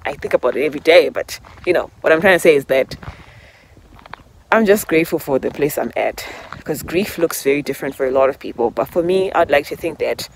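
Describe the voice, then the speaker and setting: Walking outdoors in public, a woman vlogger talks heart to heart, emotional and rambling, sometimes laughing through tears. Her voice sits low with lively intonation and a fairly quick pace, and there's slight background noise.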